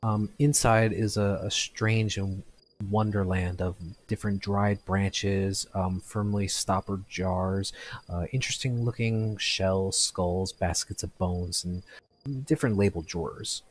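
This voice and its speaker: A man narrating as game master of a tabletop game, halting and full of restarts. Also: sits low, flat delivery, slight background noise.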